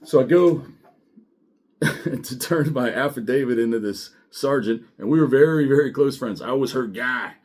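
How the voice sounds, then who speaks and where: A middle-aged man, a former sheriff's deputy, telling his story in a blunt, profane and animated way. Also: mid-range voice, normal speed. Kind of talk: casual storytelling monologue.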